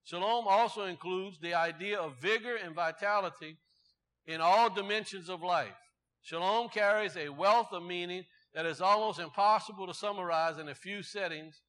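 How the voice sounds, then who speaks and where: A man's voice: high-pitched, sharp tone. A man preaching, explaining word meanings in a Bible teaching sermon and building to fervent exhortation. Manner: explains word meanings slowly, then preaches with rising fervor.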